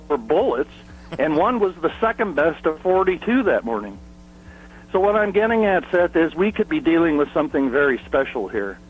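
A man who covers horse racing, giving emphatic analysis full of statistics and rhetorical questions, clearing his throat often. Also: fairly high pitch. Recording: phone line.

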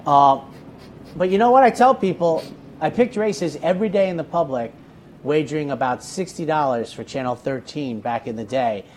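Animated higher-voiced man talking horse racing. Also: moderate pace, a little hiss or hum. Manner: animated storyteller, repeats words when starting. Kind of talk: casual racing talk show chat.

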